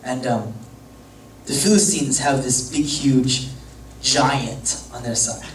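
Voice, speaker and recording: A young youth pastor tells a story to his youth group, casual, joking, and rambling as he goes. His mid-range voice moves slowly, picked up from a distance in an echoey room with a faint hum.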